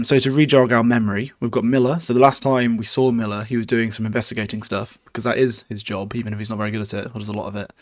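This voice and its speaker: A man's voice: mid-range voice, no room sound, studio quality. A man hosting a podcast, recapping a book in a casual, rambling way with swearing, fillers and self-corrections. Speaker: podcast host.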